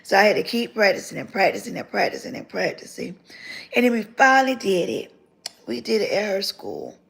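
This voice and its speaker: Gravelly-voiced woman telling her story. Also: medium pitch, fairly quick. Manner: animated storytelling, repeats phrases, grows tearful. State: tearful near the end. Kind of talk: emotional testimony to viewers.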